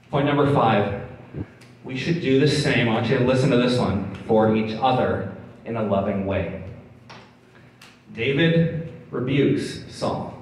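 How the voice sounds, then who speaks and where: A man's voice: mid-range voice, unhurried, long pauses, slight background noise. Man preaching in a very echoey hall. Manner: conversational, with laughing asides. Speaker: pastor. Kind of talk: sermon. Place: church hall. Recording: very echoey hall, distant mic.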